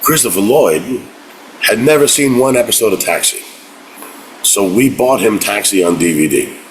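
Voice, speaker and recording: A man telling behind-the-scenes stories from his acting work in a casual, animated way, acting out what people said. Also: fairly low pitch, normal speed, slight background noise, rough recording. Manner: animated, acts out quotes in voices. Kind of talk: casual anecdote.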